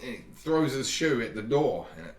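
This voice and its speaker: A man's voice: mid-range voice, sing-song, moderate pace, background noise. Man narrating a tabletop game, echoey room. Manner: loose, rambling narration with restarts. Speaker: dungeon master. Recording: echoey room, far from mic.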